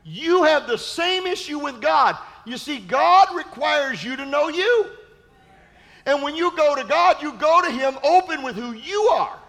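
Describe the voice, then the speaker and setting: A male pastor preaching a sermon, emphatic and repetitive, with playful asides and sudden shouted peaks. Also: very high-pitched, expressive, a little slow.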